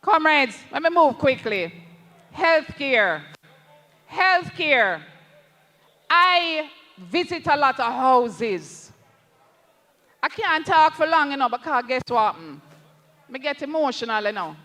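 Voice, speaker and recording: A parliamentary candidate with a Jamaican accent gives an impassioned political rally speech, slow and emphatic, repeatedly turning to address the party leader. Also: high-pitched, sing-song, bright, forceful tone, in a large hall.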